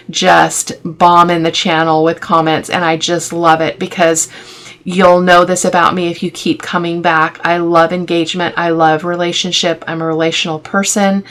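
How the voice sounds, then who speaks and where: A woman's voice: on the low side, fairly bright tone. A middle-aged woman hosting a casual craft tutorial, chatty and affectionate, thinking aloud with fillers as she works. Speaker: craft video host.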